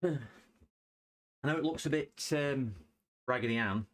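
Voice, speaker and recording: A man's voice: mid-range voice, a little slow. A middle-aged man streaming a repair, chatting jokily and rambling as he works. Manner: jokey, rambling, sings and hums to himself. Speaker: livestreamer repairing electronics. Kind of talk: casual chat while working.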